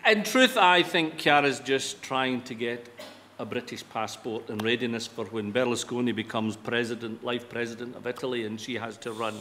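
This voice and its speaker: A man's voice: medium pitch, normal speed, pushed and bright. Scottish male after-dinner humorist, wry and self-mocking, recorded in a reverberant hall with faint background noise. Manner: self-deprecating, wry storytelling. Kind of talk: humorous speech to a live audience. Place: large event hall before an audience.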